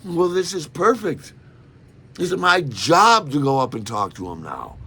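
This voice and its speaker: A man telling a personal story in an animated, self-mocking way. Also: a little high, measured pace, slightly rough.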